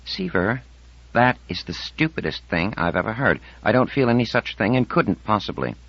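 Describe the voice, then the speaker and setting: A man's voice: lowish voice, animated, moderate pace, husky, no room sound, voice pushed up. A man reading an audiobook, voicing an anxious, stern middle-aged mother who pleads and bristles. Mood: anxious, indignant. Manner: raised, pleading, indignant. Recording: dull dry audiobook recording.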